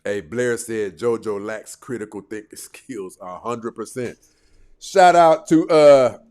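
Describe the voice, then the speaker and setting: A man's voice: medium pitch, unhurried, darkish tone, clean tone. A man hosting a livestream, casually commenting and reacting to viewers' comments, talking back to the chat with bursts of laughter. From United States.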